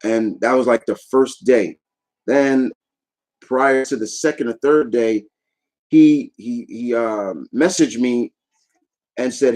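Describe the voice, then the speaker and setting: A man's voice: medium pitch, slow pace, pauses often, darkish tone, low-quality recording. Rambling, enthusiastic man vlogging casually. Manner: rambling and enthusiastic, often trailing off. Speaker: YouTube vlogger. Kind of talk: casual chat recap.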